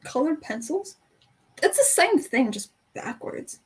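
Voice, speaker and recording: A young woman hosting a casual livestream book chat over a video call, teasing and giggling through quick banter. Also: high-pitched, sing-song. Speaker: booktube host.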